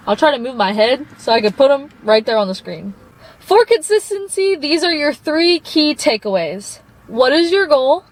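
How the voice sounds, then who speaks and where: A young woman with a noticeably high voice talks to her phone camera in a casual motivational vlog. She is earnest and encouraging throughout and calls her viewers babe, like a supportive friend. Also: rough recording. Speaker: vlogger. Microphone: phone propped up.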